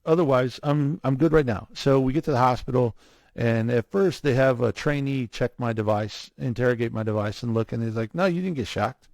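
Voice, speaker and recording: A man telling his own story in a casual interview, animated, acting out what others said to him. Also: mid-range voice, a little fast, no echo. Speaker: guest, cardiac arrest survivor.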